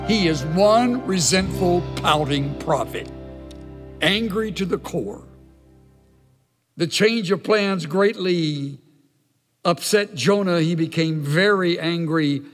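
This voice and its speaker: A man's voice: sits high, slow pace, faint music behind. A male preacher giving an emphatic sermon that tells the story as he goes. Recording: long hall reverb.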